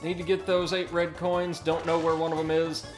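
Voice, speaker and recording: A man's voice: fairly high pitch, completely flat delivery, moderate pace, music in the background. Chatty man rambling through gameplay. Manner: rambling, chatty, reads chat aloud. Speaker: livestream gamer. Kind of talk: casual gameplay commentary.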